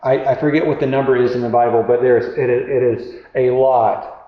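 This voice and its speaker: A man preaching a sermon in a conversational way, often halting and restarting as he reads and comments on scripture. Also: mid-range voice, steady tone, reverberant, muffled recording. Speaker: pastor.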